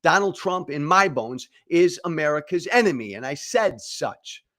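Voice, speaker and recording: This middle-aged male host gives political commentary directly to camera, forcefully emphatic, circling back on phrases and stumbling into restarts. His pitch is fairly high and bright, his intonation lively, his pace moderate.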